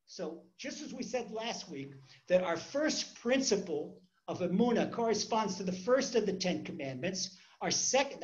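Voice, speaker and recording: A man's voice: high voice, very animated, normal speed, lo-fi sound. A man, a rabbi, teaching a Torah class in a conversational way, repeating words as he tells stories.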